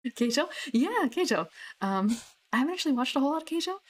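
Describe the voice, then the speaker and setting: A woman's voice: sits high, very animated, fast. A young woman chatting casually about her tabletop characters, rambling with many fillers and restarts. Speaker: tabletop gamer. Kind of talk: casual chat.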